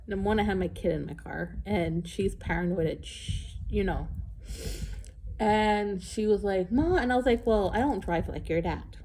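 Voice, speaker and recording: Middle-aged woman, unhurried casual vlogger, warm mellow tone, candid and a bit emotional. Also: medium pitch. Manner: rambling and candid, with sighs and laughs. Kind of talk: casual chat.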